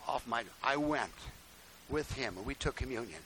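An older male pastor giving a sermon, telling stories in a folksy way, dropping to quiet asides and then rising to loud exclamations. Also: expressive, moderate pace, slightly rough, rough recording. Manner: folksy storytelling preaching, swinging from low asides to loud exclamations. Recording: faint hiss.

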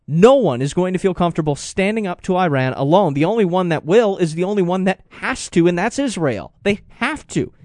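A man's voice: high-pitched, a little mellow, no echo, clean studio sound. A man hosting a talk radio show, giving impassioned political commentary that rises to indignant outbursts. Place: radio studio.

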